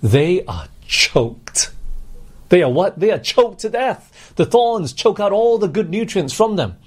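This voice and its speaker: Husky-voiced man preaching a sermon. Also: high-pitched, sing-song, a little slow. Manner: earnest, questioning the congregation.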